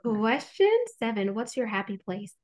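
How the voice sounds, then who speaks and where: A woman's voice: mid-range voice, normal speed. A woman hosting a podcast interview, with an upbeat, playful quiz-show delivery. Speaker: podcast host.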